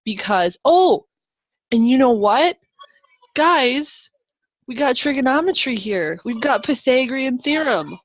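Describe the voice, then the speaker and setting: A woman's voice: sits high, expressive, unhurried. Upbeat woman teaching over a video call. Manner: upbeat and encouraging, chatty asides to students. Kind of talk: live online math lesson. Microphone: video call microphone.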